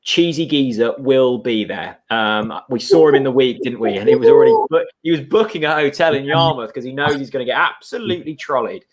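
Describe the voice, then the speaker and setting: Relaxed man co-hosting a fan stream. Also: medium pitch, fairly quick, hardly any pauses. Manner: relaxed, teasing, many fillers and restarts. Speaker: co-host of a football watchalong. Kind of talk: casual fan chat.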